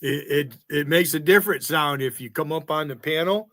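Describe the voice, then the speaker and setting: A man's voice: fairly high pitch, normal speed, pushed and bright, dry recording, clean studio sound. A man hosting his own livestream, talking crude and confrontational, swearing at chatters. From United States. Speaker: livestream host. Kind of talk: casual livestream chat.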